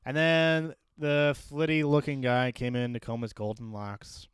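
Animated, jokey man with a smooth voice. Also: medium pitch, unhurried, no echo, clean studio sound. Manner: animated, jokey, laughs often. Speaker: podcast co-host. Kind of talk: casual book discussion.

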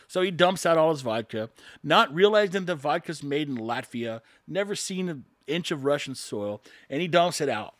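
Sarcastic rambling man, slightly high voice. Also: lively intonation, moderate pace, fairly bright tone, dry recording. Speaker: vlogger and construction worker. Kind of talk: casual opinion monologue.

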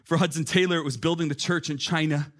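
A man in his thirties delivers a sermon as a pastor. His voice sits high for a man and stays animated and chatty, padded with filler words, and it climbs toward near shouts as he builds. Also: fast.

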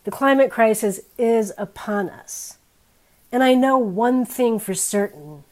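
Wry, candid woman preaching a sermon. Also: slow. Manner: candid, wry, conversational preaching with sharp swings in pitch and loudness.

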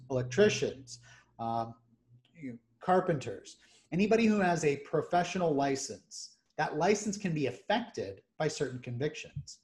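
A man hosting a podcast, explaining legal matters in measured, methodical lists. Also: fairly high pitch, a little mellow. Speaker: criminal defense attorney host.

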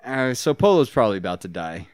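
A woman's voice: a bass voice, sing-song, fast talker, darkish tone, dry recording, clean studio sound. A woman co-hosting a podcast, trading sardonic, laughing banter about a movie. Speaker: podcast co-host. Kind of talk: casual movie commentary chat.

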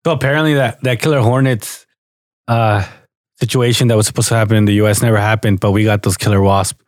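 A man's voice: lowish voice, fast, no room sound, studio quality. A young man co-hosting a podcast, telling stories casually, swearing often and acting out what people said. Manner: animated storyteller, heavy swearing, acts out quotes. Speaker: podcast co-host.

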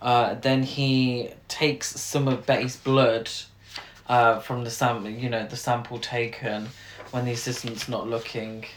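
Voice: mid-range voice, little pitch movement, measured pace, slight background noise. Wry co-host in an echoey room. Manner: wry, teasing, laughs a lot. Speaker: podcast co-host. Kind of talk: casual film recap chat.

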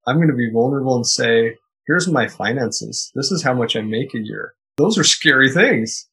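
A man's voice: mid-range voice, expressive, normal speed, creaky, a bit bright, husky, poor audio. A man answering podcast interview questions as a guest author, in an earnest, emphatic, motivational way.

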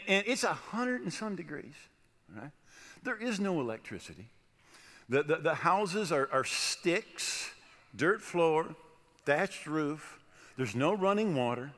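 A middle-aged American man preaching, telling a personal story in an animated way and often checking in with "right?". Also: a little high, a little slow, long pauses. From United States. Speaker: pastor. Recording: long hall reverb.

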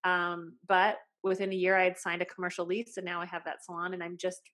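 A hairstylist and salon owner in her late thirties tells stories in a chatty, casual podcast conversation, filled with "like"s. Her voice is fairly low and a bit bright, with a monotone delivery at a fairly quick pace.

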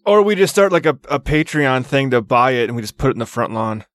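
A man's voice: medium pitch, expressive, fast, fairly bright tone. A man co-hosting a casual podcast, joking around, swearing and tripping over his words. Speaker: podcast co-host. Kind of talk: casual chat.

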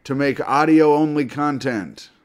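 Young guy cohosting a comedy podcast, crude jokes, voice a bit on the high side. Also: slow, smooth. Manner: crude, joking, swings loud when riled. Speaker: podcast co-host. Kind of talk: casual comedy podcast banter.

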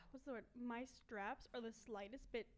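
A woman's voice: a little high, steady tone, measured pace. A teenage girl hosting a casual chat, rambling with lots of fillers. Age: teens.

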